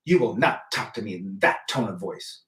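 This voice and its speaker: A man's voice: fairly low pitch, animated, normal speed, a bit bright, pitched below the performer's own voice. A man mimicking a stern, prim woman who scolds in a haughty, clipped way. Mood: prim scolding. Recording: roomy echo, mic at a distance.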